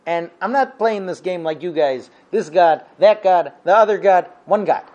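A proud, stubborn prophet declaims his faith and his refusal in emphatic, punchy phrases, as a man puts him on during a talk. The voice sits high for a man. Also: normal speed, darkish tone, lo-fi sound, lightly acted. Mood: defiant.

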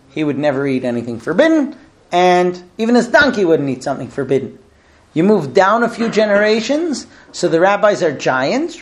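A man teaches a Talmud class in an animated way, playing out exchanges between people to make his points. His pitch is lively and swings widely, rising high when he gets worked up and dropping low and quiet as he sums up. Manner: animated, acts out dialogues.

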